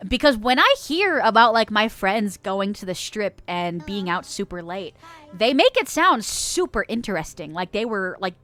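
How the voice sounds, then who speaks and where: A young VTuber streamer from Las Vegas, United States, chats casually on a livestream in a medium-pitched, slightly bright, very animated voice at normal speed. She giggles often, swears casually, and reads viewer messages aloud, recorded on a close studio mic.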